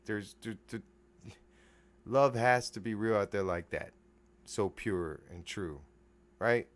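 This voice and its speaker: A man runs his own internet radio show alone at the mic. He rants and swears, swinging from shouted bursts down to low mumbles. Now and then he drifts into a mock English accent. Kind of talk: solo podcast rant.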